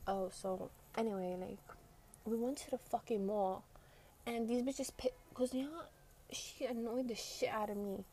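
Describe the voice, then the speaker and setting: Young New woman, slightly high-pitched, chatty and foul-mouthed, acts out what her friends said. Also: steady tone, unhurried, a little mellow, slight background noise. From Brooklyn, New York. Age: young adult. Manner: profane, rambling, quotes friends mid-story. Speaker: storyteller. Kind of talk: casual storytime.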